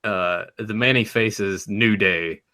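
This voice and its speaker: A man's voice: lowish voice, takes it slowly, pushed and bright, dry recording, clean studio sound. A man co-hosting a casual podcast, wry and contrarian, teasing the others. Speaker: podcast co-host.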